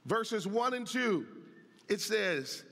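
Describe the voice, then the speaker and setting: Bright-voiced preacher in a reverberant hall. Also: male voice, high-pitched, slow pace. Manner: animated preaching, calls out to the congregation; reads and comments on scripture. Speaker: pastor. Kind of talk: sermon. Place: church sanctuary. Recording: long reverb of a large hall.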